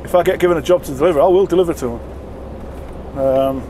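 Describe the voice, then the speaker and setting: A man's voice: fairly high pitch, quick pace, warm tone. A man, chatting in a rambling, self-mocking way while driving his truck. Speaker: truck driver vlogger. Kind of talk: casual vlog chat while driving. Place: truck cab on the road. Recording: road noise in the cab.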